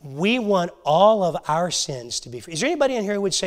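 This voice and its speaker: A man teaching a Bible lesson to a church class, earnest and halting, often restarting his sentences. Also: high-pitched, very animated. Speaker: Sunday school teacher.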